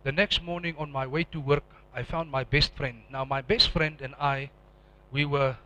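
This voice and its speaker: Intense preacher, bright voice. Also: male voice, medium pitch, fairly even intonation, normal speed, rough recording. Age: middle-aged. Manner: emotional, swings from hushed to loud and intense. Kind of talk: personal testimony sermon.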